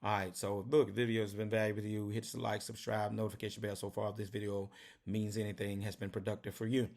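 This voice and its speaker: A man's voice: lowish voice, little pitch movement, fast, creaky, darkish tone. Folksy man giving business advice. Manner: folksy, repeats "right?" and "did you get that?". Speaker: trucking business owner. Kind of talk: casual business advice vlog.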